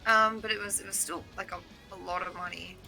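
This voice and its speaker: A woman's voice: medium pitch, steady tone, fast, vocal fry, pushed and bright, soft background music. A woman in her twenties with an Australian accent, co-casting a card game stream and chatting at length about her life. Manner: chatty, rambling, laughs often. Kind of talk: casual stream chat.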